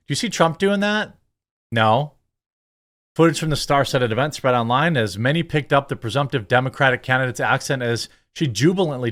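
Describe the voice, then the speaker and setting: A man's voice: mid-range voice, fairly bright tone. A middle-aged man hosting a political commentary channel, ranting in an indignant, sarcastic and emphatic way.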